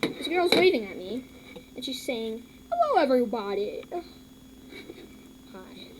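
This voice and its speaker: A woman hosting a casual reaction video, mocking what she watches, repeating herself and filling pauses with lots of ums. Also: fairly high pitch, big pitch swings. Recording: loud background noise.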